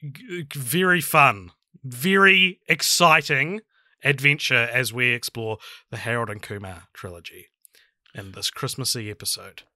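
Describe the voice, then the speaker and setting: A man co-hosting a casual podcast, his voice very bright and sharp. He rambles and teases with dry jokes, recorded close and dry with no room sound. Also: mid-range voice, moderate pace, dry recording. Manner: joking, rambling, dry teasing. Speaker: podcast co-host.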